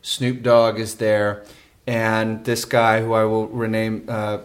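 A man, a podcast guest, telling a rambling story in casual chat, often laughing and filling pauses with um and uh. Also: lowish voice, monotone.

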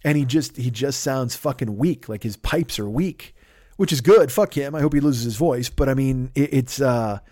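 A man's voice: mid-range voice, normal speed, darkish tone, no room sound, clean studio sound. A man hosting a podcast, giving a rambling, profane sponsor plug in casual chat, often breaking off and restarting. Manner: rambling, profane, self-interrupting. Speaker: podcast host.

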